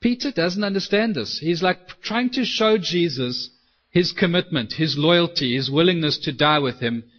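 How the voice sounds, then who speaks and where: Brief: male preacher, slightly high voice, animated storyteller, dull lo-fi recording. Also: normal speed. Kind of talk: sermon.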